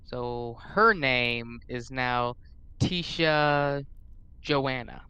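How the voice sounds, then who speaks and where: A man's voice: medium pitch, lively intonation, very slow, bright, forceful tone, clear, resonant tone, no echo. A man co-hosting a casual live stream, cracking dry, sarcastic jokes. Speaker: stream co-host.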